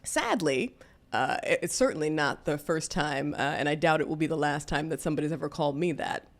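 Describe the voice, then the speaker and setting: A woman's voice: deep voice, brisk. A woman, candidly telling a personal story in a casual, conversational way. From Deep South, US. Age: 40s. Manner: candid, conversational, with many fillers. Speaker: vlogger.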